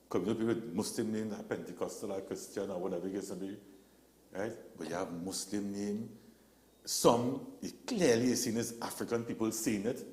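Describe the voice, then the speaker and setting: Telling stories as a guest on a casual talk show, a man from Trinidad and Tobago animatedly performs the voices of those he quotes. His voice is lowish, with a roomy sound.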